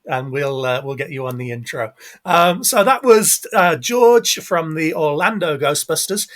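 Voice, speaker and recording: Middle-aged podcast host, man from England, casual and upbeat, slightly higher voice. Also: animated, unhurried, fairly bright tone. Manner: chatty, upbeat, self-mocking.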